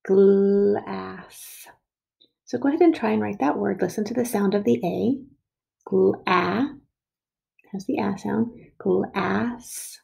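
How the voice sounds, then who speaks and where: A woman teaching children to write a sentence, speaking slowly and patiently and stretching out the sounds of words. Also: medium pitch, creaky, dark tone, husky. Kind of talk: early reading and writing lesson.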